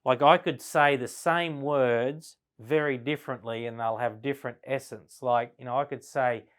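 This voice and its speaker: A man leads a business lesson in a relaxed, conversational way. He keeps checking in with his listeners with "right?" and shifts his speed and loudness to show how tone changes meaning. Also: medium pitch. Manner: conversational, frequent "right?" tag questions; slows down and varies volume to demonstrate tone. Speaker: business sales trainer. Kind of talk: classroom lecture at a flip chart.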